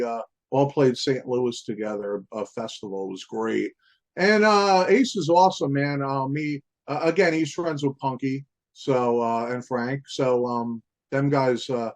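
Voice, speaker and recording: A man, a guest musician, telling stories in a casual interview, rambling with lots of fillers like "man" and "you know". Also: medium pitch.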